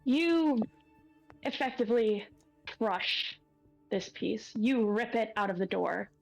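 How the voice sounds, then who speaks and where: A woman running a tabletop horror game as game master, setting each scene in a slow, measured way. Her voice sits a little high. The recording is dry, with faint music behind her. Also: expressive, vocal fry, dry recording, low-quality recording. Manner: unhurried, describing scenes with pauses and fillers.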